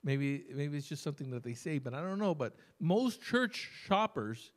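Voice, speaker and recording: A man preaching a sermon as pastor, telling stories conversationally and slowing down to stress key words. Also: fairly high pitch, very animated. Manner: conversational storytelling preacher, emphatic with sudden slow stresses. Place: church service.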